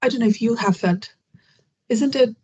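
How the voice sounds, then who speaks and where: A woman's voice: a little high, moderate pace, darkish tone, husky, dull audio. Chatty woman hosting English practice. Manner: curious, chatty, many fillers and restarts. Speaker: English conversation host. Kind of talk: video call conversation. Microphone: video call.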